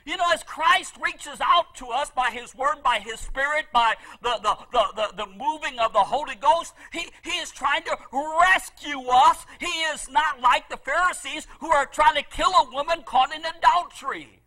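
Very high, bright-voiced preaching man. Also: normal speed, hardly any pauses, poor audio. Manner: impassioned preaching with repeated phrases; swings between loud emphasis and soft asides. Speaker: pastor. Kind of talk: sermon.

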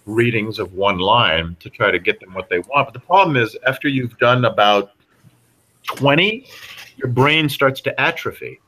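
A middle-aged man, a voice actor guest on a podcast, telling animated stories with a lot of halting restarts. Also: mid-range voice. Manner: animated storyteller with many restarts. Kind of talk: casual podcast interview.

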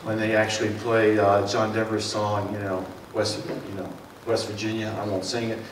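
A man's voice: fairly low pitch, little pitch movement, normal speed, reverberant, recorded from a distance, a little hiss or hum, rough recording. A middle-aged man from the Mid-Atlantic with a Philadelphia and South Jersey accent, giving a folksy, rambling talk to a community forum, full of fillers and self-corrections. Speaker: water district speaker. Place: meeting room.

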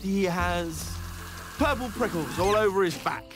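An actor voicing a small, clever mouse in an animated storybook, plucky and theatrical. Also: medium pitch, unhurried, natural voice. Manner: bright, plucky, theatrical gasps. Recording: music bed under the voice.

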